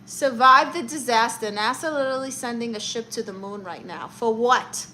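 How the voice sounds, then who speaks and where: Brief: bright-voiced, sassy New woman, comic live-stream auntie teasing her chat, faint room hiss. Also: on the high side, moderate pace, low-quality recording. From Brooklyn, New York. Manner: sassy, teasing, calls viewers honey and darling. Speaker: livestream host playing an aunt character.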